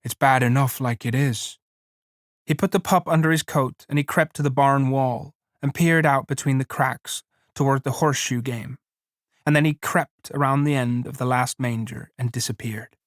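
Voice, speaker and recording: A man narrates a story in a measured, plain reading voice. His pitch sits in the middle range. The recording is dry, close to the mic, with no room sound. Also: steady tone, dry recording. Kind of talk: audiobook reading.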